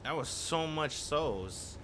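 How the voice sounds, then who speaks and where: Excitable, foul-mouthed male game streamer. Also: on the high side, slow, slight background noise. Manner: profane, excitable running reactions. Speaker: gaming streamer. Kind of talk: live gameplay commentary.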